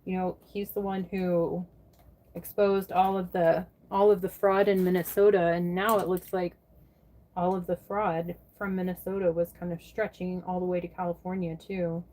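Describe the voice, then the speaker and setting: A woman's voice: on the low side, little pitch movement, normal speed, dark tone. A woman from the United States chatting casually on a livestream, answering viewers by name and swearing freely. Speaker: live streamer chatting with viewers.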